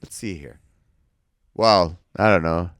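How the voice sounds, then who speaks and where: A man's voice: low voice, slow pace, a bit bright, smooth, no room sound. A man co-hosting a podcast, a comedian riffing and joking in casual banter. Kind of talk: casual chat.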